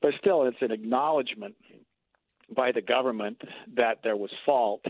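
A man speaks as a defense attorney over a tinny phone line. He explains each point in a measured, steady way. The sound is dry and narrow, with little room around it. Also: medium pitch, vocal fry, dry recording. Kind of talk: phone-in interview.

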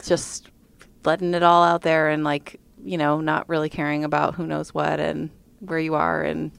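Married woman, animated storyteller, very low gravelly voice, faint guitar behind. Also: normal speed, no room sound. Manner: animated, reenacts scenes with big voice jumps. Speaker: married woman sharing her pregnancy story. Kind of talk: casual personal storytelling.

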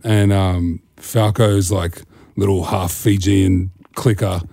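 A man's voice: sits low, fairly even intonation, slow pace, vocal fry, dark tone, dry recording, clean studio sound. A middle-aged Australian man, a podcast guest, telling a rambling story with lots of swearing and laughter. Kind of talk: casual storytelling.

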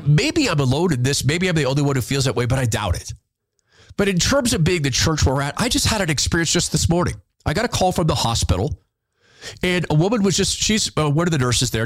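Earnest man host with lively pitch. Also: no echo. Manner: earnest, openly emotional; halting, repeats words when moved. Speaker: podcast host. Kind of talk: reading listener letters and commenting.

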